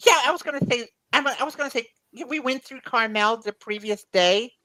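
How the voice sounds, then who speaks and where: A woman's voice: on the high side, fairly quick, sharp tone, no echo, poor audio. A woman guest in a casual chat, rambling through memories with frequent restarts and laughs. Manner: rambling, repeats words while recalling, laughs often.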